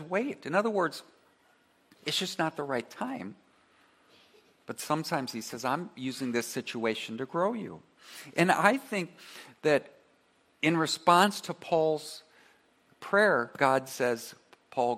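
A man preaching a sermon, earnest and emphatic, who leads his congregation in call-and-response and drops to a soft voice on key phrases. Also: fairly high pitch. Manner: earnest preaching, rising to emphatic repetition then dropping soft. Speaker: pastor.

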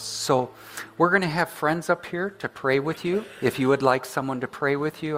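Male pastor, gently encouraging, mid-range voice. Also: mid-range voice. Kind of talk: sermon.

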